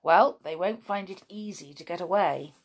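A woman's voice: lowish voice, normal speed. Woman doing a knowing male pixie. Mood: pleased. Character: nervous, clever male pixie.

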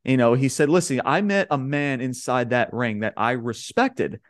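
A young man hosting a podcast, from Long Island, New York, retells wrestling promos in a lively, casual way, acting out quotes with laughs. His mid-range voice moves at normal speed, and the recording is dry and clean, studio-grade.

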